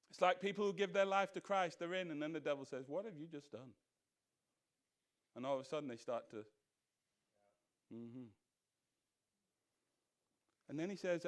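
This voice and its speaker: A man teaching a Bible study as pastor, animated, asking rhetorical questions and mimicking other voices. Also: high voice. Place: church.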